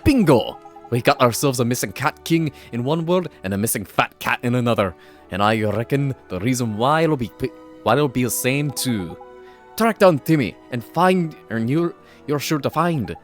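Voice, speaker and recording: Male gamer voicing a cheeky fairy sidekick, put-on accent, slangy and pushy, high register. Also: expressive, normal speed, faint music behind, close to an everyday voice. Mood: excited. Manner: chirpy, bossy, full of slang.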